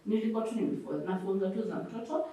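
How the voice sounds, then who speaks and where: A young Kenyan woman tells her story in a warm, mellow voice, acting out what others said to her. She sits a little away from the mic, and the room rings with heavy echo. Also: mid-range voice, quick pace. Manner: expressive, acts out quoted people. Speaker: guest mother sharing her story. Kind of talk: personal storytelling interview. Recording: echoey room, far from mic.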